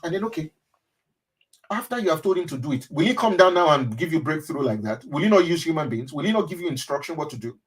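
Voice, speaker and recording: A man who is a pastor, giving a motivational webinar talk in an earnest, repetitive way that often drops to a soft, intimate tone. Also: a little high, lively intonation, fast talker, slightly rough, low-quality recording. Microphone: webinar microphone.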